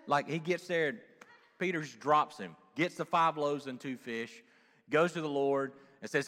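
A man pastor preaching a sermon, animated and humorous, with playful asides. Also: fairly high pitch, a little slow, long reverb tail.

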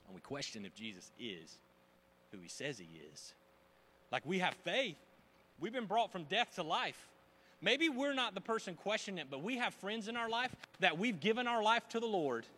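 Guy pastor preaching hard, bright sharp voice, loud then quiet. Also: a little high, a little hiss or hum. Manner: animated, emphatic preaching with swings from loud to hushed. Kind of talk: sermon.

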